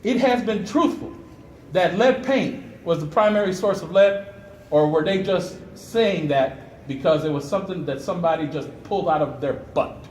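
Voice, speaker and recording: A high-pitched man gives an impassioned press conference statement. His delivery is fiery and preacherly, climbing into outrage, and his voice rings through an echoey hall over faint background noise. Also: lively intonation, moderate pace, darkish tone. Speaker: community activist at press conference.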